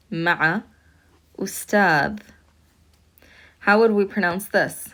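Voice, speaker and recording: A woman with a somewhat low voice teaches an online lesson. She talks patiently, says each word slowly more than once and keeps asking "okay?". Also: vocal fry, fairly bright tone. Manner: patient, repeats words slowly and checks in with "okay?". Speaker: Arabic teacher.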